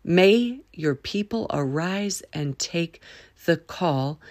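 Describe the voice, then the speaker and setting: A woman hosting a faith-based solo podcast, talking in a folksy, preachy way with drawn-out emphatic phrases and a playful Southern drawl. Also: lowish voice, expressive, no room sound, clean studio sound. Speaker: podcast host.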